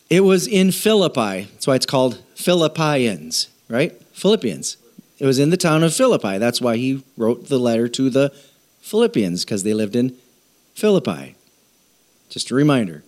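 A middle-aged man, a pastor, giving a casual Bible lesson in church, chatty and joking, often asking the audience questions. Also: a little high. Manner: conversational, asks the audience questions, jokes.

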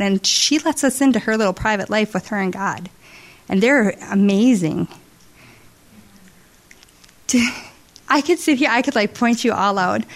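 A woman giving an emotional, halting testimony to a church congregation, tearful and heartfelt. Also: medium pitch. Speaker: church member sharing testimony. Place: church service.

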